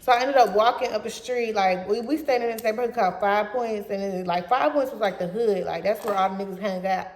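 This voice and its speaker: A young woman casually telling a story from her teens in a blunt, profane, animated way. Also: mid-range voice, fairly quick, few pauses, slight background noise. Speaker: vlogger. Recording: roomy echo.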